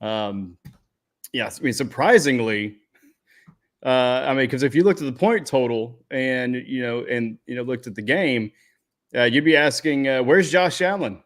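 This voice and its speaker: A man co-hosting a fantasy football podcast, laid-back and unhurried, with lots of filler words. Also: mid-range voice. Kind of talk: casual sports chat.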